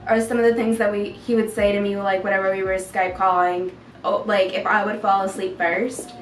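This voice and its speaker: A woman's voice: mid-range voice, level tone, fairly quick. A young woman talking casually about her boyfriend, chatty and full of "like". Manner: chatty, lots of "like". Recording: roomy, distant, music behind.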